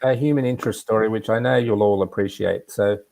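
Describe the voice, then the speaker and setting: A man's voice: on the low side, steady tone, quick pace, gravelly, a little mellow. A man casually telling a personal anecdote on a live video chat, rambling with asides. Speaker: regular guest.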